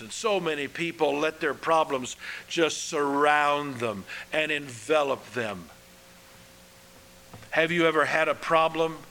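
A man preaching a sermon in a slow, earnest way, letting his phrases drop softly at the ends. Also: a little high, slight background noise, low-quality recording.

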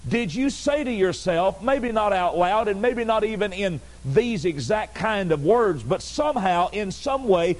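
A man's voice: sits high, expressive, unhurried, few pauses, rough recording. A male pastor preaching a Sunday night sermon to his congregation, emphatic and repetitive, pressing direct questions on his listeners. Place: church service on a Sunday night.

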